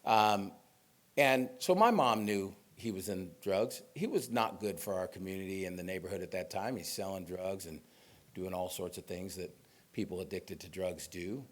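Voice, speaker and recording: A middle-aged man gives a talk to an audience and tells personal stories in an easy, conversational way, with fillers and asides along the way. His voice sits a little low. He speaks as a police chief from Sacramento. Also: normal speed. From Sacramento, California. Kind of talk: informal speech to an audience.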